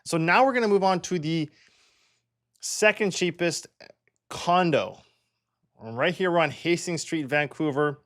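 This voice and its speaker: A man's voice: fairly high pitch, a little slow, pauses often, a bit bright. A young man from Canada, a real estate agent, chatting casually as he walks through home listings and thinks aloud with plenty of fillers.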